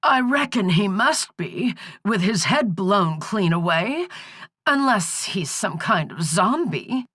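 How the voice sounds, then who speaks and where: A croaking old crone. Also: female voice, medium pitch, sing-song, slow pace, fairly bright tone, dry recording, studio quality, pitched above the performer's own voice, heavily acted. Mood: cranky. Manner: cantankerous, folksy drawl. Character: hard-of-hearing old country woman, prank caller.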